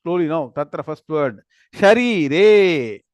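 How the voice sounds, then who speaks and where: Slow, deliberate man teaching scripture. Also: fairly high pitch, animated, clear, resonant tone, dry recording. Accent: Indian English. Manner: slow, deliberate word-by-word Sanskrit recitation, quizzing students. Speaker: Gita and Vedanta teacher. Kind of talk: online scripture class.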